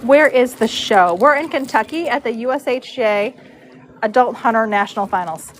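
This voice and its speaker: Chatty high-voiced woman livestreaming from a barn. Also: moderate pace, slight background noise. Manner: chatty, reads viewer comments aloud, baby talk to her dog. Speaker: horse braider livestreaming. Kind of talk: casual livestream chat. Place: horse show barn stall.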